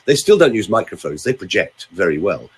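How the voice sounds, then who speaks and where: A man's voice: low voice, big pitch swings, brisk, husky. An older man, a vocal coach talking in a theatrical, teasing way on a podcast. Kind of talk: casual podcast chat with voice demonstrations.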